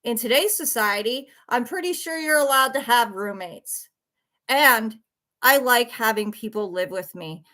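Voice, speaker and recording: A woman's voice: a little high, lively intonation, unhurried, bright, forceful tone. A worn-out woman ranting defensively on a livestream, blunt and swearing, repeating herself as she answers viewers. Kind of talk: heated livestream rant.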